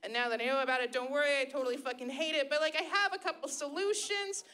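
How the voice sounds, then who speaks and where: Bright high-voiced sarcastic woman comic. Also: steady tone, quick pace. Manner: sarcastic, profane, shrill put-on voices for quoted people. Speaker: stand-up comedian. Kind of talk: stand-up comedy set. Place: live comedy stage before an audience.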